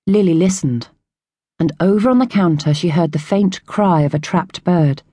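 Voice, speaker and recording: A woman narrating a children's audiobook in a clear, measured storytelling manner. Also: sits low, mellow, no room sound, studio quality. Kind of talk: scripted narration.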